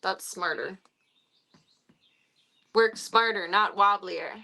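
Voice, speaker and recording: A woman's voice: medium pitch, a little slow, creaky, bright, forceful tone. A woman live-streaming, talking casually to her viewers and cooing baby-talk at a foster cat. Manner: coos and baby-talks to the cat between chatty asides.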